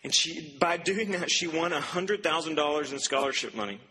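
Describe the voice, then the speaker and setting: A man's voice: fairly high pitch, animated, moderate pace, pushed and bright, slight background noise. A young man preaching a sermon to students, telling a story in a loose, chatty way with asides and laughs. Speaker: campus preacher. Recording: long hall reverb, faint ambience.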